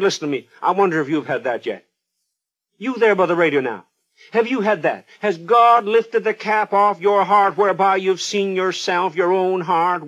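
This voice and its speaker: A man's voice: sits high, fairly bright tone, muffled recording. A man preaching a radio sermon, fervent and pleading, putting pointed questions straight to the listener.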